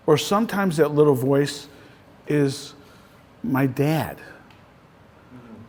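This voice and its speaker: A man's voice: a little high, animated, drawn-out words, a little mellow. A man in the role of a real estate coach, giving a casual, conversational talk to a small group and often ending points with "right?". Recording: voice in a reverberant room.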